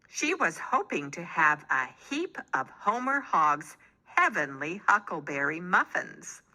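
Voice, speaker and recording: Reading a children's picture book aloud, a woman with a lowish voice brings the story to life with expressive storytelling.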